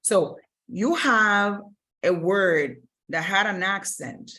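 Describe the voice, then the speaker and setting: A woman's voice: medium pitch, slow, bright, forceful tone. A woman teaching Spanish grammar in a recorded lesson, explaining patiently step by step and often stopping to rephrase.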